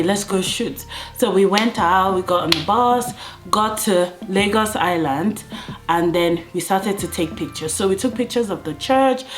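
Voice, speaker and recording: A young Nigerian woman vlogs to camera, telling a story casually and animatedly in her Nigerian accent. She mimics other people as she goes, acting out police voices in a higher pitch, while faint music plays softly behind her.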